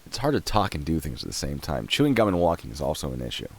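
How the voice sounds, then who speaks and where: Deep-voiced man chatting on a live stream. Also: big pitch swings, fast talker, breathy edge. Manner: chatty, laughs often, trails off while clicking around. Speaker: streamer reacting to videos and chat. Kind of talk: casual live-stream commentary.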